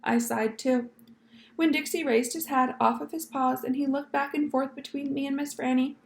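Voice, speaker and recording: A woman reading a children's novel aloud, with expressive storytelling. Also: sits high, moderate pace, creaky, reverberant.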